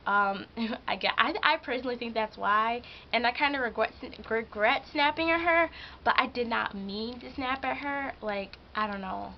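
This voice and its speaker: A woman's voice: fairly high pitch, moderate pace, muffled recording, slight background noise. A teenage girl vlogging at home, telling a story about her job in a chatty, emotional way with lots of "like". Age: teens. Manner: chatty, heavy use of "like", emotional venting. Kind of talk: casual vlog storytelling. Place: hot room at home.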